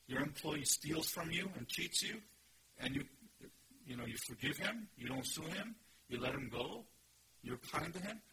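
A man's voice: fairly high pitch, expressive, moderate pace, bright, forceful tone, a little hiss or hum, low-quality recording. A man preaching a sermon, teaching earnestly and emphatically and asking his listeners questions. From Korea. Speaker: pastor. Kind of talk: expository sermon.

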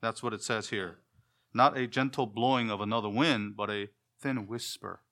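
In an expository sermon, a man poses questions to his listeners and answers them himself, his voice often fading softer at the ends of phrases. He speaks in a lowish register with a steady tone at a normal speed.

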